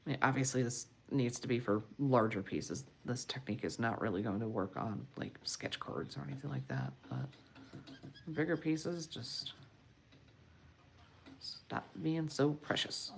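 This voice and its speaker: A woman artist talking viewers through a marker drawing on a casual livestream, unhurried and encouraging, often muttering asides under her breath. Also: rumbling low, sing-song, slight background noise. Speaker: comic artist streaming a marker demo. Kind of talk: casual livestream art tutorial.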